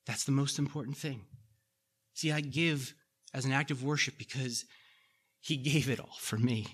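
A man's voice: mid-range voice, steady tone, normal speed, pauses often, a bit bright, slightly rough. A middle-aged man preaching a sermon in a conversational way, repeating key lines and making folksy asides to the congregation. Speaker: pastor.

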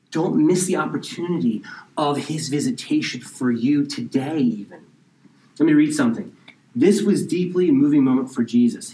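A man's voice: a little high, mellow, distant mic, poor audio. Man preaching from across the room. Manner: reads scripture slowly, explains in casual asides, drops to a whisper. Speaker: pastor. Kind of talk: sermon.

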